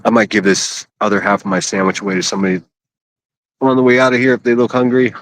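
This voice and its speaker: Man, lowish voice, rambling casual chat, bit crude, livestreaming on a phone, outdoors in a park. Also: fast talker, no echo. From Pittsburgh, USA. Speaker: IRL livestreamer. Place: outdoors in a riverside city park.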